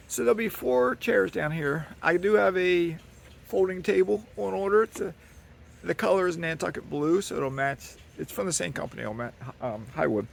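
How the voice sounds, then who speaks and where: A man's voice: a little high, creaky, slight background noise. A man giving a casual, rambling walk-and-talk tour of his waterside dock, recorded outdoors on a handheld camera. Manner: rambling, folksy, with restarts. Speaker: vlogger giving a property tour. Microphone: handheld camera carried while walking. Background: birds.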